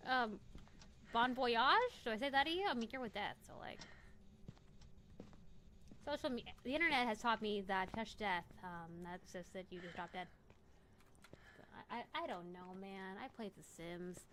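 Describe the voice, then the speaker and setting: With a little hiss or hum in the audio, a young woman streaming a game tells a rambling story, joking and correcting herself often. Her mid-range voice is a bit bright, at normal speed with long pauses.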